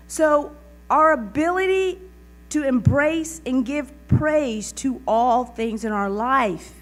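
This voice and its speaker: Earnest woman minister preaching over hum. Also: a little high. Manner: earnest, emphatic preaching with repetition. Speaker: reverend. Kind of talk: sermon. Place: community center lounge.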